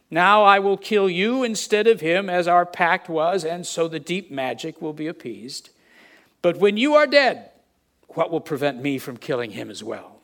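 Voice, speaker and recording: A man's voice: a little high, voice pushed up. A man voicing a cruel female witch who gloats over her victim in a quivering, taunting voice. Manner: quivering, taunting, rising to shouts.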